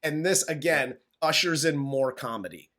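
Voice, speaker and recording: A man from the United States co-hosting a film review podcast, recapping the plot in an excitable, profane way. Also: a little high, moderate pace. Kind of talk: casual chat.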